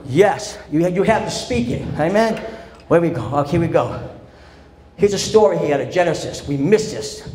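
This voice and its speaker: Male pastor preaching a sermon. He is fervent and swings between loud and soft, and it is recorded in a church with a long echo and faint noise. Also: fairly high pitch, expressive, normal speed. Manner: impassioned preaching that swings from loud declarations to quiet storytelling. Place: church sanctuary.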